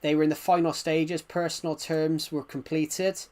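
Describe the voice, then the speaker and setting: A man's voice: fairly high pitch, flat delivery, normal speed, a little mellow. A man with an English-Welsh border accent, chatting casually on a livestream, rambling and answering viewers' comments.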